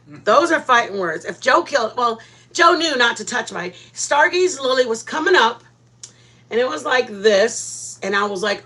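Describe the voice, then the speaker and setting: A woman hosting a live stream, chatting casually with viewers and telling animated stories, often laughing. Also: fairly high pitch, unhurried.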